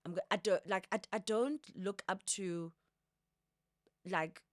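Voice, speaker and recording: A woman's voice: mid-range voice, a little slow, dry recording, studio quality. A woman in her early thirties, a guest in a casual podcast chat, earnest and reflective, repeating phrases for emphasis. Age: 30s.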